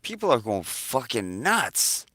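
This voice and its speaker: A man's voice: medium pitch, big pitch swings, slow pace, noisy background. A man ranting casually to camera as a vlogger, agitated, swearing constantly and repeating himself. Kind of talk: casual profane rant to camera.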